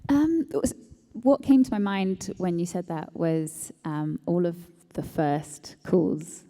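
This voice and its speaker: A woman speaking on a convention panel in a reflective, measured way. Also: lowish voice, mellow, in a large hall. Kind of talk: panel discussion.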